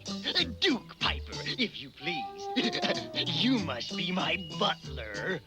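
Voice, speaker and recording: A man's voice: high voice, huge pitch swings, takes it slowly, heavily acted. An actor playing a brash, boastful male wrestler in a 1980s cartoon. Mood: smug. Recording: cartoon soundtrack with music. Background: music.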